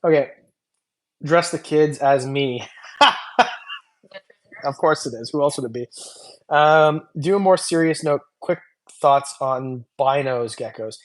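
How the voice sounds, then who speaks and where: A man who hosts a reptile channel speaks at medium pitch, slowly, with long pauses. Worn out after hours of a long casual livestream, he reads chat comments aloud and jokes loosely, rambling with many fillers.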